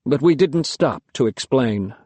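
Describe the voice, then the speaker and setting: A man reading a first-person novel aloud in a lyrical, measured storytelling manner. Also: medium pitch, lively intonation, warm tone, no room sound. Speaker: audiobook narrator. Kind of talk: first-person audiobook narration.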